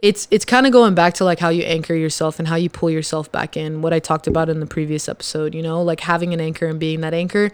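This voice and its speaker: A podcast host talks straight to the listeners in a casual, motivational way. The voice is smooth and clean, at a middle pitch. The recording is dry and close, with no room sound. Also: fairly even intonation, fast talker, hardly any pauses, no room sound. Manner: emphatic, repeats phrases for punch; addresses listeners directly.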